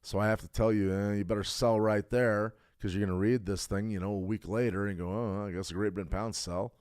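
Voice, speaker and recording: Middle-aged man, very low voice, dry close mic; blunt streamer who gets loud and emphatic. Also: a little fast, smooth, no echo. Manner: blunt, emphatic, builds to excited outbursts. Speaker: trading stream host. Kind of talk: casual livestream talk.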